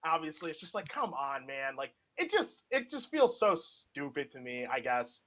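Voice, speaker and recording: A man's voice: on the high side, big pitch swings, normal speed, a bit bright. A young man co-hosting a casual chat, telling rambling anecdotes packed with filler words. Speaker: podcast co-host.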